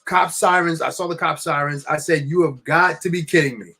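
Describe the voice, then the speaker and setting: A young man from New Jersey telling a long, rambling, animated story while building with bricks. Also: a little high, fairly quick. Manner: rambling, animated anecdote with many restarts. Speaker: LEGO builder streaming.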